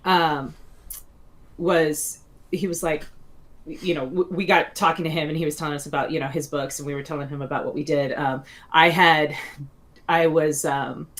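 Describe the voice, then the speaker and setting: Low-voiced woman telling a rambling story. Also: fairly even intonation, normal speed. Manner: rambling, many fillers and restarts, laughs often. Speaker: guest author. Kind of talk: casual interview storytelling.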